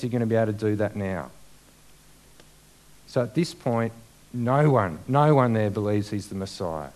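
A man's voice: lowish voice, normal speed, long pauses, a little mellow. A man preaching a sermon in a conversational way, with many fillers and rhetorical questions.

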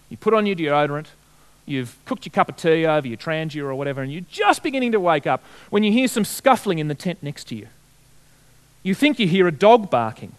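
A man preaching a sermon, telling stories and putting direct questions to his congregation. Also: sits high. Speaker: pastor.

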